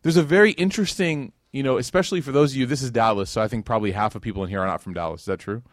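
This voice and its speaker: A man's voice: medium pitch, racing, no echo. Man, 30s, from Chicago, informal lecturer, dry close sound, talks straight to the room. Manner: chatty, uses many fillers like "like" and "you know", asks the audience questions. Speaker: Islamic lecturer. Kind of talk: casual conversational lecture. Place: lecture hall with a live audience.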